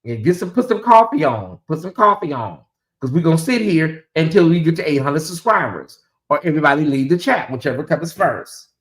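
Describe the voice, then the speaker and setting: Middle-aged male streamer, slightly high voice, playful and chatty, roomy echo. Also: brisk. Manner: animated, teasing, talks straight to chat. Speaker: livestream host. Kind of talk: casual livestream chat. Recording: echoey room.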